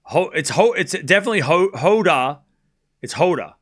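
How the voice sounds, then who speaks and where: A man's voice: fairly high pitch, lively intonation, normal speed, fairly bright tone. A man casually commentating a live tennis match on a stream, joking and chatting with viewers. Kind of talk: casual watchalong play-by-play.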